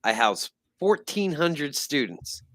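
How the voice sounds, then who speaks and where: A man chatting casually on a podcast, explaining practical details in a matter-of-fact way. His voice is bright and forceful. He is recorded close and dry, with no room sound. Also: a little high, very animated, slow pace, no echo. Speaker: co-host, building maintenance worker. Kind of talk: casual chat.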